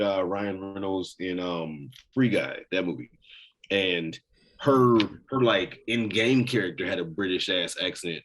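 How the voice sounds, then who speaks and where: Laid-back, profane man with a low voice. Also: fairly bright tone. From United States. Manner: laid-back, heavily profane, rambling with restarts. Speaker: podcast co-host. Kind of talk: casual chat.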